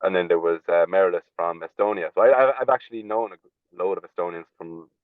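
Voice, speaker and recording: An Irish man with a lowish voice rattles through his stories at speed, blunt and swearing freely. He comes through a thin, phone-like line that is dry and close. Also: steady tone, fast, no echo. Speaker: podcast guest, slap fighter. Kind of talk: casual storytelling chat.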